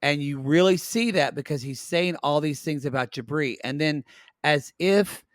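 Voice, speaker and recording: A man's voice: a little high, normal speed, dry recording, clean studio sound. A man co-hosting a casual recap podcast, talking in a blunt, profane and analytical way. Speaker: podcast co-host. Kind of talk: casual reality TV recap chat.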